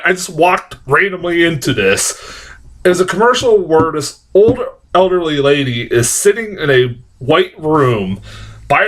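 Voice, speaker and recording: Young man, casual film review, lively pitch, profane, rambling. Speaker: movie reviewer.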